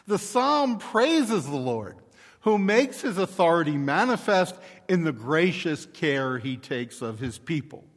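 A male pastor preaching a sermon in a deliberate, measured way. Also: on the high side, very animated, long reverb tail.

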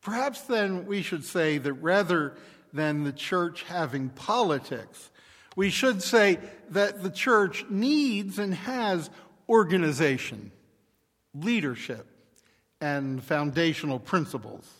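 Man, pastor, sermon, unhurried and measured, long church reverb. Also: a little high, lively intonation, fairly bright tone. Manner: measured, deliberate preaching.

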